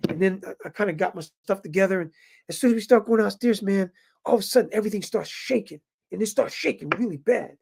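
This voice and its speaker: Gravelly-voiced man telling a story. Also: high voice, fast talker. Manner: animated, addresses viewers as brothers. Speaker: vlogger living in Japan. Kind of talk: casual storytelling to viewers.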